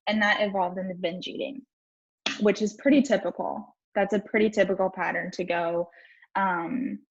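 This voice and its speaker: A young woman coach speaks frankly to her viewers, swearing now and then as she tells her story. Her voice is husky and breathy, and the stream audio sounds dull and lo-fi. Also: mid-range voice, steady tone, normal speed. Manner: frank, swears casually, talks straight to viewers. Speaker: life coach. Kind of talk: candid personal story on a live stream.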